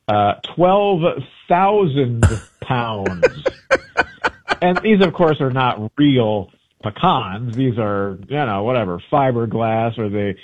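A man who writes travel books chats in a radio interview, telling rambling stories and often correcting himself mid-sentence. His medium-pitched voice has lively intonation and a slow pace. The audio is tinny, like a phone line.

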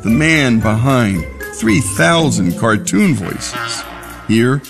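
A man's voice: mid-range voice, lively intonation, slow pace. A man hosting a radio story show, narrating in an earnest, emphatic style. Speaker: radio host. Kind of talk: scripted narration. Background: music.

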